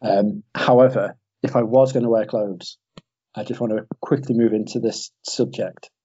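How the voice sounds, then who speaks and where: A man's voice: fairly low pitch, steady tone, normal speed, mellow, husky, lo-fi sound. A man co-hosting a podcast, in rambling, jokey banter that often trails off. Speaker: podcast co-host.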